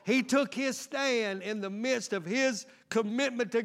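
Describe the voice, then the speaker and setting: A male pastor preaching a sermon. He shifts between loud, emphatic exhortation and quiet asides, and keeps calling out questions to the congregation. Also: extremely high pitch, moderate pace, few pauses. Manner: frequent call-outs to the congregation.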